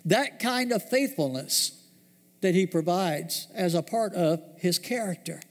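A man preaching a sermon, telling a story and slowing down, dropping low to stress key words. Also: animated, in a large hall. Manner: storytelling, slows and drops low for emphasis. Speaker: pastor.

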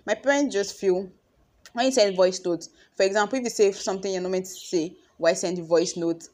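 A young woman with a Nigerian accent, talking casually to her followers in a chatty, expressive way. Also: medium pitch, brisk. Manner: chatty and expressive, acts out conversations. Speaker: vlogger.

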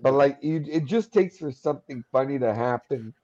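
A man's voice: mid-range voice, lively intonation, moderate pace, muffled recording, crowd noise. A man co-hosting a casual comedy podcast, telling anecdotes and laughing through them. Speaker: podcast co-host.

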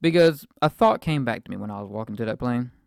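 Young male podcast host, mid-twenties, gravelly, dry close sound, rambling faith testimony. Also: medium pitch, animated, quick pace, no room sound. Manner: reflective, rambling with fillers.

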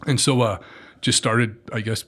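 A man in his thirties telling animated stories as a guest, acting out quotes and saying "dude" a lot. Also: medium pitch, normal speed, slightly rough. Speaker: guest, former military contractor. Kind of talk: casual storytelling.

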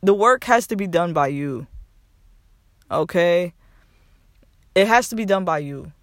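A man's voice: high-pitched, lively intonation, unhurried, a bit bright, no echo, clean studio sound. A young man hosting a podcast, giving a casual motivational talk and repeating phrases for emphasis with casual swearing. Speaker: podcast host.

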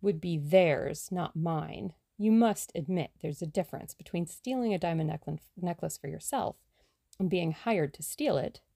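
A woman's voice: lowish voice, normal speed, gravelly, dark tone, dry recording, studio quality. A woman reading as a plucky young adventuress.

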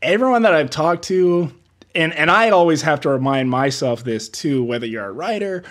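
A man's voice: on the high side, moderate pace. A man who works as a production assistant, telling stories from film sets in a casual interview, acting out quotes and laughing often. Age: older than typical entry-level peers. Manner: animated storyteller, acts out quotes, laughs often.

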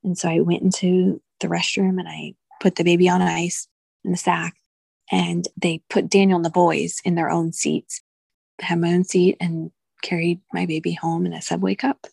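Husky, gravelly woman telling a painful story. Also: fairly low pitch, little pitch movement, darkish tone, no room sound. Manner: emotional, halting, restarts. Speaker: podcast guest, doula. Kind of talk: candid personal storytelling.

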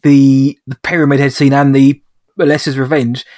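A man's voice: medium pitch, little pitch movement, normal speed, darkish tone. A man co-hosting a podcast, chatting casually about a film, often restarting and correcting himself as he jokes along. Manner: rambling, self-correcting, joking. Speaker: podcast co-host.

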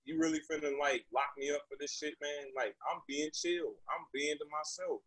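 A man from Texas, telling a story as a podcast guest in an animated, profane, indignant way. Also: on the high side, moderate pace, husky, dry recording, low-quality recording. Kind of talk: casual storytelling.

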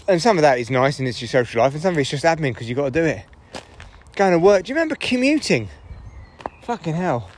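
A man, a comedian, rambling through a casual solo podcast while walking his dogs in the woods. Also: fairly high pitch. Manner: chatty, rambling, swears freely.

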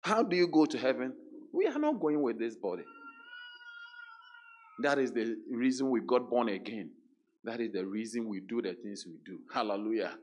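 A man preaching a sermon, emphatic, repeating words and dropping into hushed quotes. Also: mid-range voice, expressive, normal speed, pauses often.

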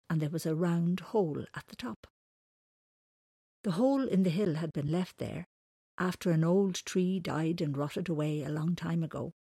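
Woman reading a kids story slow and gentle, bit husky, dry close sound. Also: sits low, no room sound.

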